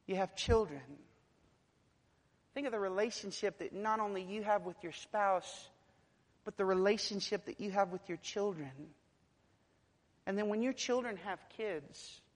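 A man preaching a sermon, swinging from hushed, quiet passages to loud, emphatic climaxes. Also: high-pitched. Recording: long hall reverb.

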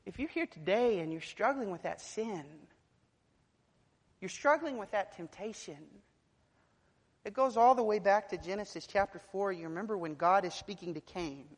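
A woman preaching a sermon, building to loud, emphatic declarations, then dropping soft and low, and repeating words when pressing a point. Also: lively intonation, normal speed. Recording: long reverb of a large hall.

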